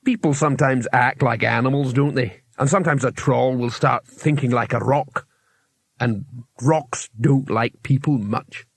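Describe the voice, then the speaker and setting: A man's voice: mid-range voice, measured pace, gravelly, dry recording. A man voicing a friendly, chatty male troll who muses cheerfully and matter-of-factly. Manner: cheerful, matter-of-fact, musing. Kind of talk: audiobook character reading.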